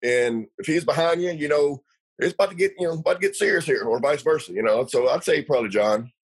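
A man's voice: a little high, expressive, quick pace, slightly rough, low-quality recording. A middle-aged man, a retired racer telling salty stories in a casual interview, rambling with lots of fillers and laughs.

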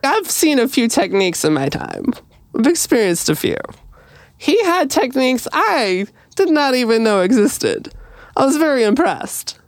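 A woman's voice: high-pitched, a little slow, no echo, clean studio sound. A woman co-hosting a podcast, telling a story in casual chat and acting out the quoted lines with animation. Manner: animated, acts out quoted dialogue. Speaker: podcast co-host.

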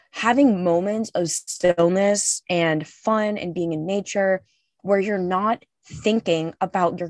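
A woman's voice: lowish voice, no room sound, clean studio sound. A young woman co-hosting a podcast, talking in a candid, emphatic way and swearing freely. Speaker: podcast co-host. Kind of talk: casual podcast chat.

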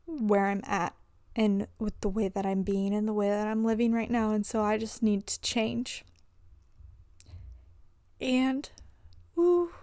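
In a mid-range, darkish voice, this young woman vlogger rambles confessionally about personal struggles, her speech heavy with fillers, especially "like," and restarts. The recording is dry and of studio quality.

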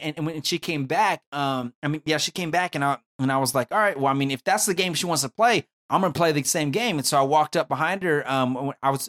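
Rambling, halting man in casual chat. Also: fairly high pitch. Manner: rambling, halting, many restarts, bursts into loud excited yelling.

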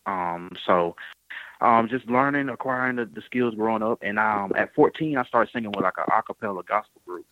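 A man's voice: fairly low pitch, moderate pace, dry recording, muffled recording. A man guest on a radio show talking about his singing in a laid-back, rambling way, full of fillers. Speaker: singer guest. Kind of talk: casual radio interview.

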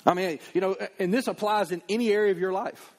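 A middle-aged male pastor delivers a sermon in an easy, conversational way. His voice sits somewhat high for a man, and he keeps the preaching lively by acting out quick asides.

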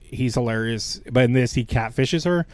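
A man's voice: mid-range voice, normal speed, dry recording. Man chatting in a dry room. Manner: chatty, explains movie plots. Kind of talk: casual chat.

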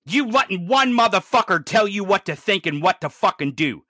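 Super bright tense voice, swearing nonstop in an angry political rant, dry close sound. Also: expressive, moderate pace, no echo. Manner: profane, furious, swings from low growls to shouts. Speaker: political commentator.

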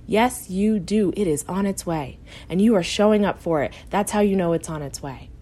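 Woman, podcast host, life coach, encouraging, direct, tough-love tone, mid-pitched voice. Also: moderate pace, warm tone, breathy edge. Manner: encouraging, direct, laughs often. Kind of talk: motivational podcast talk.

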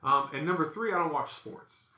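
A man, hosting a casual podcast and telling stories, acting out quotes with animated voices. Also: a little high, moderate pace, roomy sound. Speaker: podcast host. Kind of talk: casual storytelling chat.

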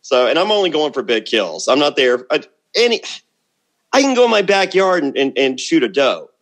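A man's voice: a little high, very animated, moderate pace. A middle-aged man chatting as a podcast guest, blunt and boastful, often repeating words as he starts a thought. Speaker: podcast guest, former reality show contestant. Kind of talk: casual interview chat.

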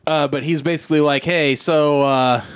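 A man's voice: a little high, fairly even intonation, normal speed, smooth, no echo. A man co-hosting a casual podcast, retelling a movie plot and acting out the characters in bursts of swearing and laughter. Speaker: podcast co-host. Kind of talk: casual movie recap chat.

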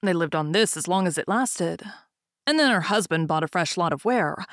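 Fairy-tale reader: woman, lowish voice, calm and even, dry close sound. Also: moderate pace, dry recording. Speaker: narrator. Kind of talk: fairy tale read-aloud.

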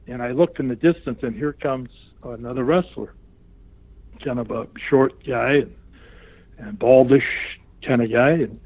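A man's voice: mid-range voice, husky, dry recording. Older man telling stories over a tinny line. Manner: animated storyteller who acts out other people's lines in raised voices. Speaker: guest, retired pro wrestler. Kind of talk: anecdotal storytelling interview. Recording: tinny phone-line sound.

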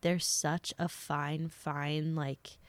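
A woman's voice: low-pitched, flat delivery, drawn-out words, no room sound. A young woman hosting a podcast, talking through listener questions in a chatty, earnest way with lots of fillers, a little sick. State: slightly sick. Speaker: podcast host. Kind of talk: casual advice talk.

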